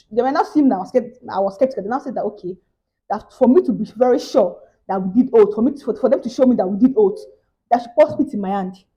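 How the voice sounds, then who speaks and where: A young Nigerian woman with a Nigerian English accent, chatting to her viewers in a casual vlog. Her voice sits a little on the high side. She tells her story animatedly, jumping from loud exclamations to hushed asides. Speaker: vlogger.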